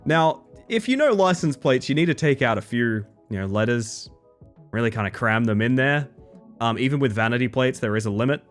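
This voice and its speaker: Animated young man streaming a game. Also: medium pitch, brisk, soft background music. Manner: joking storyteller. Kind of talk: casual gaming commentary.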